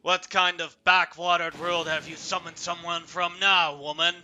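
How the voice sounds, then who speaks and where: A man playing a loud, boasting fantasy king. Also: fairly high pitch, flat delivery, moderate pace, voice pushed up. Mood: scornful. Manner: loud, gloating, bellowing laughter. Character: boastful arrogant human male king. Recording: live stream with music behind.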